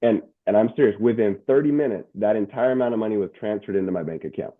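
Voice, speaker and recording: Guest: middle-aged male coach, lowish voice, tinny phone-line sound, animated, trips over repeats. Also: fast. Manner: animated, stumbling restarts and word repeats. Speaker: guest, motivational speaker and coach. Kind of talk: casual interview storytelling.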